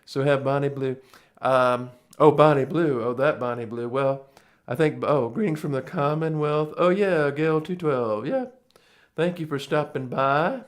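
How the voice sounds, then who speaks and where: A man's voice: mid-range voice, unhurried. A man, hosting a live stream and chatting casually with viewers in a rambling, folksy way with chuckling asides. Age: 40s.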